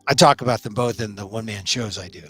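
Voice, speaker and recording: A middle-aged man hosting his own talk show, delivering an emphatic solo commentary monologue that speeds up and slows down for stress. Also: lowish voice, sharp tone, slightly rough, faint music behind. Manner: emphatic, shifting pace for stress.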